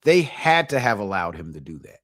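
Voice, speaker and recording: A man's voice: fairly low pitch, big pitch swings, fairly quick, fairly bright tone. A man hosting his own channel at home alone, talking in a loose, profane, casual commentary style and laughing often. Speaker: channel host.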